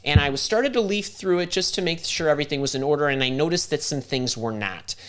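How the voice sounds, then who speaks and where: A man's voice: a little high, quick pace, fairly bright tone, clear, resonant tone. A man in his fifties hosting a live stream, telling a long personal story with lots of restarts and repeated words. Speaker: host.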